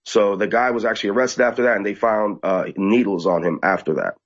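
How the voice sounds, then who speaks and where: A man telling an interviewer an animated, excited account, often mimicking people in high, squeaky voices. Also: fairly quick, muffled recording. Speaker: activist guest. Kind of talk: casual storytelling interview.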